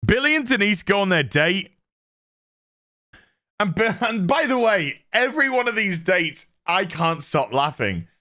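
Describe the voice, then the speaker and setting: An older man rips into a reality show with irreverent, mocking commentary, laughing as he goes. His voice is bright and sharp, and it swings up and down a lot, sitting a touch high for a man. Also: sing-song, measured pace. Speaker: YouTube commentator.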